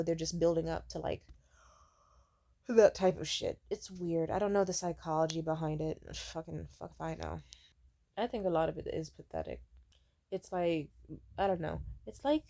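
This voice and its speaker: Her voice is on the low side, gravelly and dark, at a moderate pace, as this young storyteller vlogger rants casually about dating. She's blunt, sarcastic and profane, mimicking people in put-on voices to mock them.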